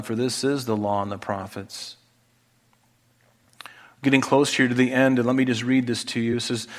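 A man preaching a sermon, earnestly pleading about forgiveness, and rising in pitch and volume as he reads scripture aloud. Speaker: pastor. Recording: long hall reverb.

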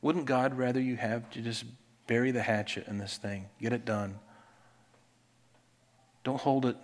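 A male pastor preaching a sermon, building to loud, emphatic scripture reading and dropping to quiet appeals. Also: medium pitch, fairly even intonation, a little slow, long reverb tail.

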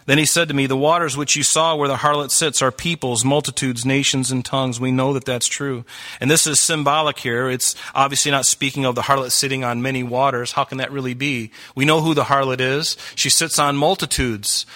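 A man's voice: medium pitch, fairly even intonation, a little fast, sharp tone. A man preaching a sermon as pastor, earnest and urgent, asking the congregation many questions.

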